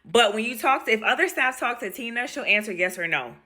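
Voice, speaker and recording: Woman, hospice nurse, casual storytelling, animated, laughs often, bright tone, slightly high voice. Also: brisk.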